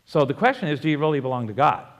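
A man preaching a sermon as pastor, animated, moving between quiet and loud and prompting the congregation to answer. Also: a little high, very fast. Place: church sanctuary. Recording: long hall reverb.

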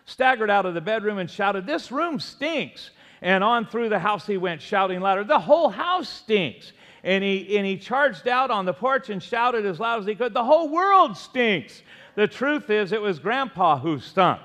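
High-voiced male preacher in a reverberant hall. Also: a bit bright. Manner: emphatic preaching with call-and-response prompts. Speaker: pastor. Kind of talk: sermon.

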